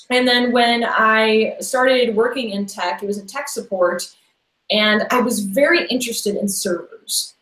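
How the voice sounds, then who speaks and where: A woman with a fairly high, slightly bright voice is a guest on a casual interview podcast, recorded in an echoey room. She rambles chattily, saying "like" constantly and restarting her sentences.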